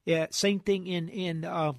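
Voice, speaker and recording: A man hosting a financial radio show, losing his voice, talking fast about markets with many restarts and repeated words. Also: sits high, steady tone, vocal fry, no echo, studio quality.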